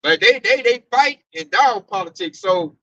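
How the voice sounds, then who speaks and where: Animated man telling stories, lively voice. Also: very high voice, normal speed, no echo. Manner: animated storyteller, mimics coworker, swears freely. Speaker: group discussion member. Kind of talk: casual religious group discussion. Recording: dull dry recording.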